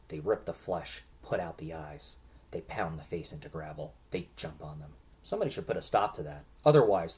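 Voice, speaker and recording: A man narrating a grim war story in the second person, vividly and dramatically. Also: deep voice.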